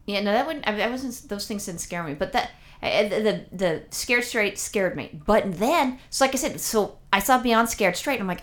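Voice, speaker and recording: A woman's voice: medium pitch, lively intonation, normal speed. A woman co-hosting a casual chat, telling a rambling story with crude language and lots of swearing. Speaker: podcast co-host.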